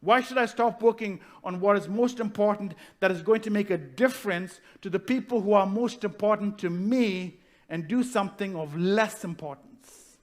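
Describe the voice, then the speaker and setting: High-voiced man preaching a sermon. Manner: rhetorical questions, slows down to stress key phrases. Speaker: pastor.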